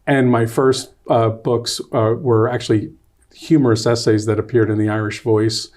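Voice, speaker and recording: A man being interviewed as a guest author and playwright. He is a lively storyteller who rambles, backs up and restarts. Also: mid-range voice, normal speed. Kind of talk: casual interview.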